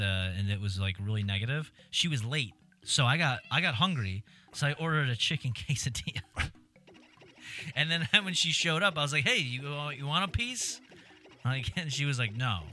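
A man's voice: medium pitch, bright, forceful tone. A man in his thirties chatting casually over a video game, rambling and correcting himself as he tells stories. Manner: rambling, self-correcting storyteller. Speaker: gamer chatting with a friend. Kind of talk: casual chat over gameplay.

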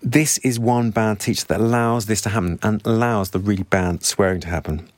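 A man's voice: lowish voice, fairly even intonation, brisk, dry recording. A man summarizing a novel chapter by chapter, with earnest, sympathetic asides. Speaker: book reviewer. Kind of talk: book summary talk.

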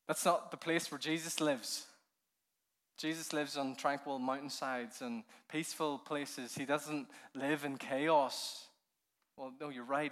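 A man preaching a keynote sermon, telling the story with animated energy, laughing often, sometimes dropping to a hush and then building up with fervor. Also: mid-range voice. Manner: laughs often while speaking. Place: conference hall.

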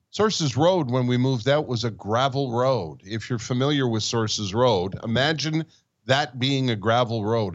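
A man's voice: medium pitch, muffled recording. A man in his sixties from Montreal, co-hosting a podcast, telling rambling childhood stories and laughing along the way. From Montreal, Canada. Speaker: podcast co-host. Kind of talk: casual storytelling chat.

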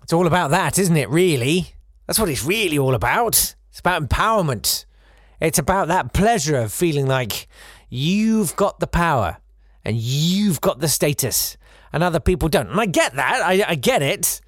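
A man's voice: on the high side, big pitch swings, normal speed, dry recording, studio quality. A man delivering a satirical comic monologue, full of sarcastic, mocking asides. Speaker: comedian.

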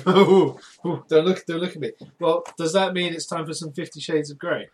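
A man's voice: a little high, fairly even intonation, normal speed, slight background noise. A man co-hosting a comedy podcast, chatting casually, often repeating his words and laughing. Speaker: podcast co-host.

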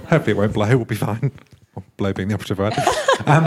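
A man with a fairly low voice who hosts a live podcast panel. He affirms his guests warmly in short words and draws them out with open questions about their experiences. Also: rapid-fire, noisy background. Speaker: podcast host and panel moderator. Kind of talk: hosting a live panel discussion.

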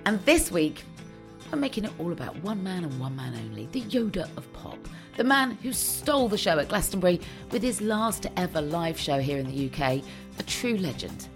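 A woman host reading a scripted introduction in a lively, upbeat way. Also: fairly low pitch, moderate pace, over music. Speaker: podcast host.

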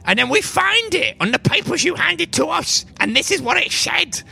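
A man voicing Silas, a tiny male gnome spice master who is sharp and suspicious, in a high exasperated voice. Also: very animated, moderate pace, vocal fry, heavily acted, low-quality recording. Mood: serious.

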